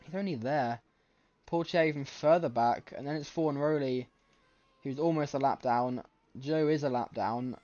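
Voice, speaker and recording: A man giving live race commentary from home late at night, excitable and often correcting himself mid-sentence, with a scratchy throat. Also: medium pitch, moderate pace. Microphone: desk microphone. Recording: slightly muffled lo-fi mic.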